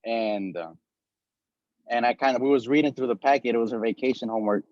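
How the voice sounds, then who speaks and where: A man's voice: medium pitch, brisk, darkish tone, no room sound. A man calling in to a talk show, telling a story in a rambling way with lots of filler words. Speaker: caller. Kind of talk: casual call-in story. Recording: dull, dry call audio.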